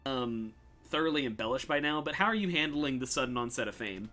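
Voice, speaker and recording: A man's voice: medium pitch, expressive, brisk, sharp tone, soft background music. A man narrating as game master of a tabletop game in a casual, rambling way with many fillers.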